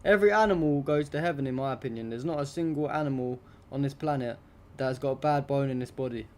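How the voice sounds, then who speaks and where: A man's voice: mid-range voice, quick pace. A young adult man hosting a live stream, commenting on news pictures in an indignant, rambling, heavily profane way.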